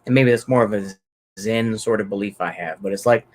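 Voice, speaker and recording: A man's voice: lowish voice, brisk, darkish tone. A man from Texas giving unscripted solo political commentary, rambling and profane, with many fillers and restarts.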